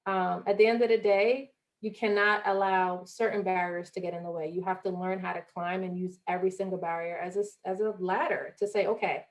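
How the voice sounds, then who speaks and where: Gravelly-voiced young woman from Jamaica. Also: fairly low pitch. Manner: earnest, acts out quoted voices. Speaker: guest, former college athlete. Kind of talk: motivational interview talk.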